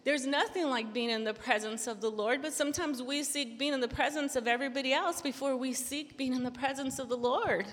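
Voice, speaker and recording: A woman's voice: high voice, fairly quick, hardly any pauses, a bit bright, in a large hall. A young woman giving a casual devotional talk, earnest and chatty, with frequent restarts and filler words. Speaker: Christian speaker.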